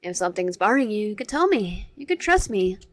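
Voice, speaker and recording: A kind, supportive game hero, read by a woman, gentle and reassuring. The voice sits in a middle register. The sound is dry and close. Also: medium pitch, very animated, a little fast, dry recording, lightly acted. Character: kind, supportive young player character.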